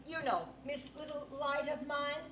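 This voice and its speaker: A man's voice: very high voice, fairly even intonation, normal speed, bright, forceful tone, a little hiss or hum. A man playing an aging, acid-tongued female film star on stage, drawling and profane. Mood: catty. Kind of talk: stage play acting. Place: theater stage. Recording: echoey live stage recording.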